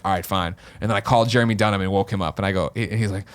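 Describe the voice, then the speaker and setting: A man's voice: lowish voice, rapid-fire, few pauses. A man from the Midwest hosting a podcast, telling a story in casual chat and acting out the voices of the people in it. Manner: animated, acts out voices of people in his stories. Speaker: podcast host.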